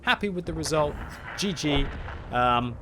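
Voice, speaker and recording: A man's voice: fairly high pitch, lively intonation, unhurried. Chatty gamer man with game noise behind. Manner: chatty, thinks aloud, bursts into loud frustrated yelling. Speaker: gaming video host. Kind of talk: live gameplay commentary. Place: upstairs room at home.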